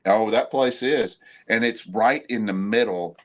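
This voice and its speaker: A man from Oklahoma, a guest cryptid investigator, telling stories in a relaxed, rambling way. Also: on the low side, unhurried. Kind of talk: casual storytelling.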